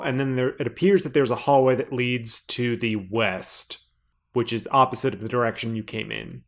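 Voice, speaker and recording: A man running a tabletop game as its game master, describing the scene in a laid-back way with pauses and fillers. He paints the picture piece by piece and often stops to rephrase. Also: medium pitch.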